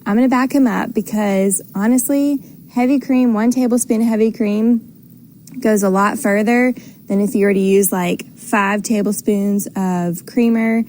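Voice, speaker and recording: A woman's voice: medium pitch, steady tone, normal speed, darkish tone, a little hiss or hum. A woman calling in to a radio show, chatty and upbeat, with plenty of fillers. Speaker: caller. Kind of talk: phone-in voicemail.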